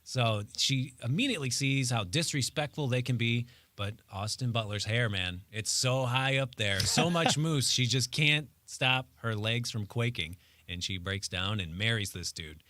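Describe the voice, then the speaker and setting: A man's voice: mid-range voice, normal speed, few pauses, sharp tone, no room sound. Wry, joking man reviewing a film. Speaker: film reviewer and show producer. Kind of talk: casual radio show movie review. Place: radio studio.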